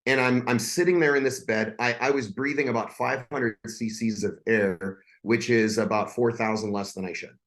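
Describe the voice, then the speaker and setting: A man's voice: medium pitch, fairly even intonation, normal speed, few pauses, fairly bright tone. A man in his forties, a podcast guest, telling a personal story in a blunt, intense and profane way.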